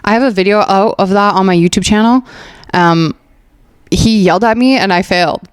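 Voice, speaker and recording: A woman's voice: mid-range voice, normal speed, clear, resonant tone, no room sound. A young woman from Afghanistan hosting a comedic podcast at home, chatty and sarcastic, laughing often and filling her talk with "like". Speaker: podcast host.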